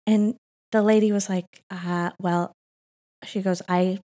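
Animated storytelling woman, laughing often. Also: mid-range voice, slow. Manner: animated, laughs often, acts out quoted voices. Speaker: co-pastor and podcast guest. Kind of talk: casual storytelling interview. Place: Austin church setting. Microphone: microphone on her.

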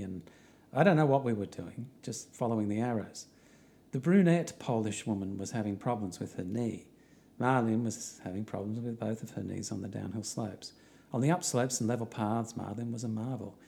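A man's voice: fairly low pitch, gravelly, mellow. A middle-aged Australian man narrating a walking trip diary in an easygoing, wry way.

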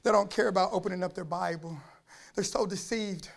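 A man preaching a sermon, repeating phrases for emphasis and reading scripture slowly, swinging between shouted fervor and quiet intensity. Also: high voice, fairly even intonation, vocal fry. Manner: quotes scripture slowly and deliberately.

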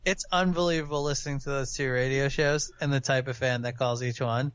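A man's voice: mid-range voice, a little fast, clear, resonant tone, no echo, muffled recording. Ranting man in casual sports chat. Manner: animated, profane, ranting.

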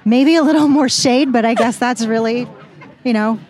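A woman guest, an actress, speaking in a relaxed, friendly way at an outdoor festival. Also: on the high side, normal speed, a crowd in the background. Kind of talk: casual interview.

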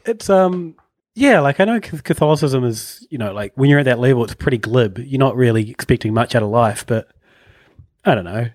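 A man's voice: mid-range voice, expressive, fairly quick, darkish tone, no room sound. Chatty New man, dry sound. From New Zealand. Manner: rambling, chatty, jokey. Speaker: podcast co-host. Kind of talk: casual chat.

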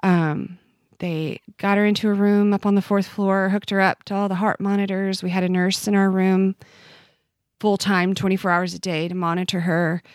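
A woman's voice: medium pitch, level tone, moderate pace, smooth, no room sound, clean studio sound. A woman in her forties, a podcast guest, telling a personal story in an earnest, heartfelt way that often halts and restarts. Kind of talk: personal testimony in conversation.

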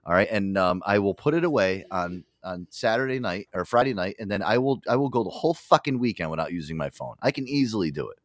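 Fast-talking, animated male podcast host. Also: lowish voice, dry recording. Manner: profane, joking storyteller. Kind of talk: casual chat.

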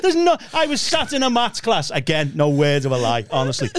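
A middle-aged man telling school stories in a casual chat, animated and laughing. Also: on the high side, fairly quick. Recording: background noise.

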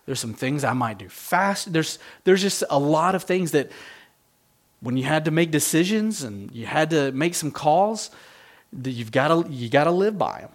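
A man's voice: fairly high pitch, expressive, normal speed. A middle-aged man, a pastor, giving a sermon in an earnest, reflective, conversational way.

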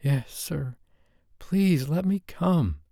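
Anxious young woman, pleading, raised pitch, read by a male narrator. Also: expressive, very slow, gravelly, mellow, no room sound, clean studio sound, full character voice.

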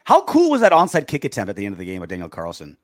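A man's voice: fairly low pitch, huge pitch swings, very fast, no echo, studio quality. A man co-hosting a casual post-game sports show, sarcastic and reading out listener comments. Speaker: podcast co-host.

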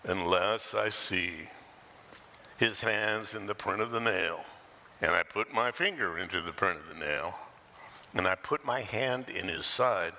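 A mopey, doubting man speaks low and very slowly, every word sagging, as a preacher does the voice. The sound rings with a long hall echo and a faint room hum. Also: sharp tone, heavily acted. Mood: glum. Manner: slow, low, drawn-out delivery. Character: gloomy doubting man, Thomas as Eeyore, slow and mopey.

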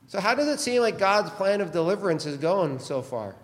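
A man's voice: sits high, expressive, moderate pace, hardly any pauses, fairly bright tone, long reverb tail. A man preaching a sermon as pastor, pressing his listeners with many rhetorical questions.

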